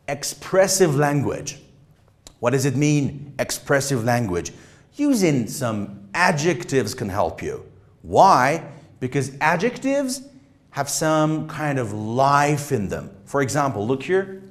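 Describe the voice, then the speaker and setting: A man teaching an exam-prep lesson, speaking emphatically and deliberately and demonstrating rises and falls in his voice. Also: medium pitch. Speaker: English test-prep teacher. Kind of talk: instructional lesson.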